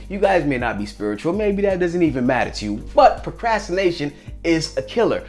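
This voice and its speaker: Man, animated storyteller, repeats himself, faint music behind. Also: a little high, a little fast, few pauses. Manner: animated storyteller, acts out characters, repeats phrases. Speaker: motivational vlogger. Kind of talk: casual motivational talk with acted-out stories.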